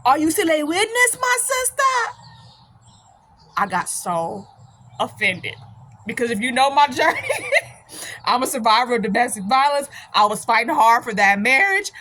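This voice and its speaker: A woman's voice: a little high, pushed and bright, a little hiss or hum. A woman host telling a personal story in a casual, emphatic way, laughing often. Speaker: channel host.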